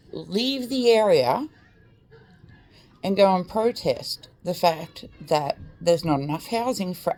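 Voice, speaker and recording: An Australian woman with a mid-range, darkish voice vlogs straight to camera in a heated rant. She's blunt, swears freely, and peppers her speech with "like" and "mate."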